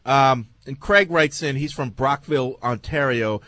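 A man's voice: medium pitch, a little slow, sharp tone, no echo. A man hosting a sports radio show, reading listener emails and teasing his co-hosts in casual banter.

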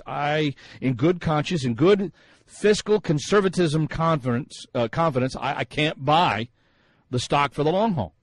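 A man's voice: on the high side, no room sound, low-quality recording. Chatty man hosting sports talk radio. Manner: chatty, musing, frequent fillers and restarts. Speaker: radio show host.

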